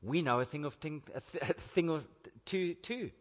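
A man, a preacher, voicing a calm male teacher who gently mocks a learned visitor in a low, hushed tone during a sermon. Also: normal speed, close to an everyday voice. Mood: gently rebuking. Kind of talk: sermon quoting scripture. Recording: echoey hall, dull lo-fi.

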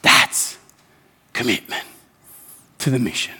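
High-voiced impassioned preacher man. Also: lively intonation, unhurried, long pauses, fairly bright tone, big-room sound. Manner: impassioned, repeats words when stirred. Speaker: pastor. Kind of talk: sermon.

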